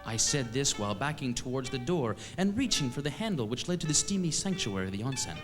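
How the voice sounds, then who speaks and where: A man from eastern Canada telling a comic story on stage, with a wry, deadpan, self-mocking delivery. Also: mid-range voice, quick pace, over music. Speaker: comedian storyteller. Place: stage at a live show.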